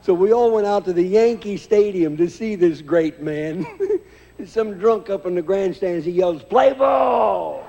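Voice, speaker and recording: An older male comedian does rambling stand-up on a large theater stage before a live audience, chuckling at his own lines and tagging them with "see?" His voice sits high and warm at a moderate pace, with slight background noise. The recording is a dull lo-fi VHS concert tape with long hall reverb.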